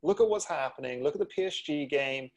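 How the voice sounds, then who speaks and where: Gravelly, husky man, emphatic and indignant. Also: on the high side, expressive, brisk. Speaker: podcast co-host. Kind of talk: casual chat.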